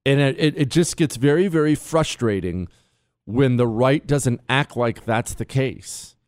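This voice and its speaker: A combative talk radio host who argues in emphatic bursts, his pitch swinging widely from high exclamations to low grumbles. He sounds close and dry on the mic, with no room around him. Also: lively intonation, a little slow, no room sound. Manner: combative, emphatic, swings between loud outbursts and low asides. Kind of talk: opinionated talk radio monologue.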